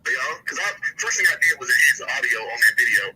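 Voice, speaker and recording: A man's voice: quick pace, pushed and bright, husky. A man on a phone call, talking casually and emphatically, rambling as he breaks down his point. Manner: rambling, emphatic, swoops up high when making a point. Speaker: guest commentator.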